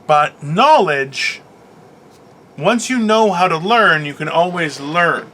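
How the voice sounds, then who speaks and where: A man's voice: a little high, expressive, slow, sharp tone, a little hiss or hum. A man co-hosting a casual comedic chat, teasing his co-host and laughing often.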